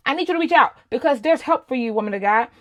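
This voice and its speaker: A woman's voice: sits high, animated, fast talker, fairly bright tone. A woman in her thirties giving a candid, personal faith talk to other women, speaking casually and addressing listeners as y'all. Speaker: host.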